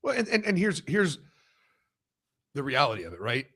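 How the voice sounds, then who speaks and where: Gravelly, animated man on a sports podcast. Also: mid-range voice. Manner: blunt, profane and animated, with quick restarts. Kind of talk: casual sports talk.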